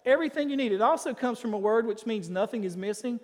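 A man preaching a sermon as pastor, emphatic, swinging between loud declarations and quiet asides. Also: extremely high pitch, quick pace, big-room sound.

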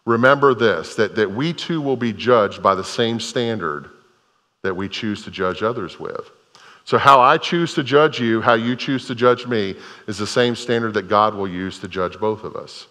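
Earnest pastor in a reverberant hall. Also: male voice, lowish voice, animated, moderate pace, sharp tone. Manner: earnest, repeats phrases for emphasis. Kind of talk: sermon.

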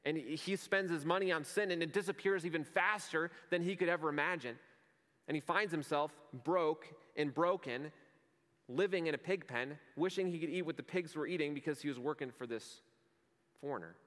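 A man's voice: fairly high pitch, fairly quick, fairly bright tone. Man preaching in a reverberant hall. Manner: earnest, conversational preaching with vivid stories. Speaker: pastor. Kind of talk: sermon.

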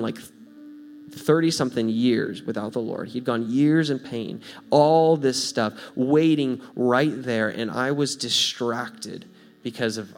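A man preaching, telling a story in a casual, animated way, going from hushed to loud. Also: medium pitch. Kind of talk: sermon storytelling.

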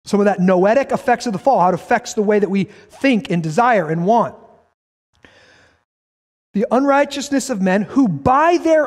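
A male pastor preaching a sermon, reading scripture aloud and pressing his points emphatically, sometimes rising to a shout. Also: extremely high pitch. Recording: long hall reverb.

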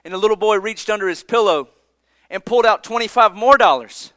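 A man preaching a sermon, earnest and emphatic, often dropping his voice low for effect. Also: a little fast, a bit bright, no echo. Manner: earnest, emphatic preaching with dramatic drops in volume.

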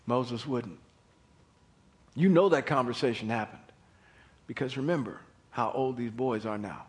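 A middle-aged man as pastor, preaching a sermon in a conversational, animated storytelling way. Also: medium pitch, unhurried, pauses often.

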